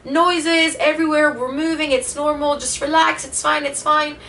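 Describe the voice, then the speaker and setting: A woman voicing her calm mother reassuring a scared child, soothing and repeating herself. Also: high-pitched, moderate pace, far from the mic, slight background noise, voice pushed up.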